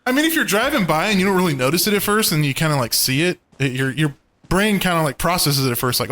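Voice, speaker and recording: A man's voice: fairly high pitch, animated, fast talker, a bit bright. A young man co-hosting a casual podcast, rambling with lots of fillers and swearing. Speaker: podcast co-host. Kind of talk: casual chat.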